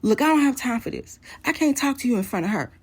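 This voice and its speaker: Woman mimicking an angry yelling husband. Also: fairly high pitch, lively intonation, quick pace, slightly rough, voice pushed up. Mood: curt dismissive. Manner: yelling, scolding.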